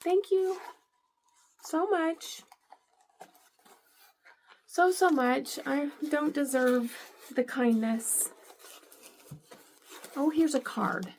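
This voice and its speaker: A woman's voice: high voice, very slow, pauses often, darkish tone, a little hiss or hum. A middle-aged woman in a casual home vlog, unboxing gifts and gushing with delight, often repeating how much she loves each item. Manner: gushing, delighted, lots of "I love it".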